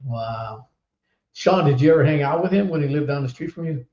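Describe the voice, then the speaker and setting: Podcast host, man, lively storyteller, slightly high voice, roomy and dull stream sound. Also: brisk. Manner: animated storyteller, laughs often. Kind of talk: casual chat.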